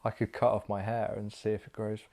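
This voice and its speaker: A man's voice: fairly low pitch, level tone, brisk, vocal fry, dark tone. Easygoing podcast co-host man. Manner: easygoing, laughs along, brief replies. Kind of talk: casual chat.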